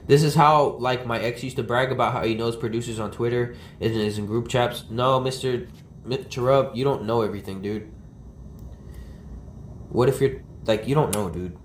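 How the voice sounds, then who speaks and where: Livestreaming outdoors, a man rants in a rambling, agitated and profane way, typical IRL stream talk. His voice is medium-pitched at normal speed, and the roomy recording from the mic carries faint ambience plus a little hiss or hum.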